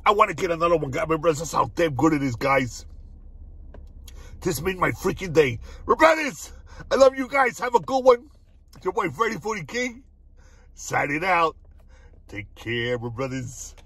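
An excitable man tasting food on camera, his voice husky and sitting high. He talks in a lively, swooping way and keeps breaking into laughs and cries of delight. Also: moderate pace, pauses often. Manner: excitable, repeats "my brothers", laughs often. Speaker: food reviewer. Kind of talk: casual food review vlog.

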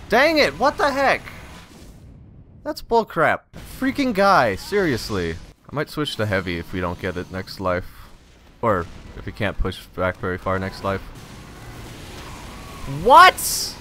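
A man giving live gameplay commentary, frustrated and ranting, sometimes breaking into loud shouts. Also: on the low side, very animated, slow, long pauses, a little hiss or hum. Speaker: gamer recording gameplay commentary.

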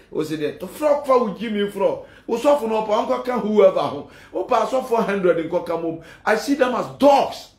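Ghanaian male pastor, high voice, fiery and defiant, echoey room. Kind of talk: heated address to critics.

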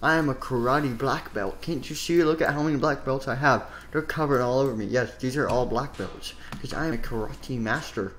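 A man's voice: mid-range voice, brisk, hardly any pauses, fairly bright tone, lightly acted. A man voicing a boastful, hot-headed karate master in an improvised game role-play, taunting and repeating himself.

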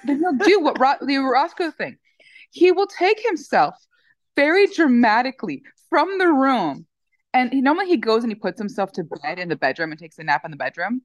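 A woman's voice: on the high side, fairly quick, no echo. Chatty middle-aged woman rambling about her dogs, dry close sound. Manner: chatty, animated storytelling with many fillers. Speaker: dog owner guest. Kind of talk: casual interview chat.

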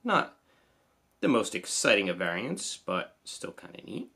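A man's voice: lowish voice, sing-song, unhurried, vocal fry, pushed and bright. A man with a New Jersey accent casually reviewing toy figures, chatty and enthusiastic. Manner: enthusiastic, chatty, lots of "awesome".

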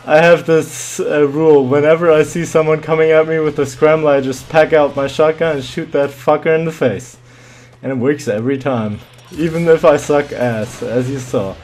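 A man's voice: medium pitch, a little slow, a little mellow, a little hiss or hum. A man commentating his own shooter match live, muttering and swearing with sudden yelps.

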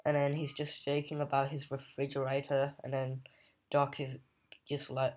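A man's voice: medium pitch, completely flat delivery, moderate pace. A man casually recapping a comic book's plot, rambling with fillers and restarts. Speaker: comic book reviewer.

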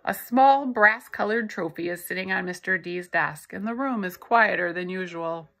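A woman reading a novel aloud in the first person, in a steady storytelling manner. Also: on the low side, moderate pace, creaky, low-quality recording. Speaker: audiobook narrator.

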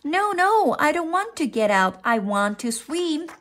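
A woman's voice: big pitch swings, unhurried, fairly bright tone, full character voice. Woman doing a whiny little boy frog. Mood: pleading. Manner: whiny, high and squealing. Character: small young boy frog, whiny and stubborn.

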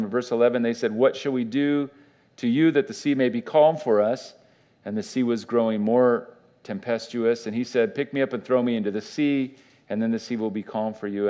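A man's voice: mid-range voice, darkish tone. A man, a pastor, giving a conversational Bible teaching in church, with fillers and restarts.

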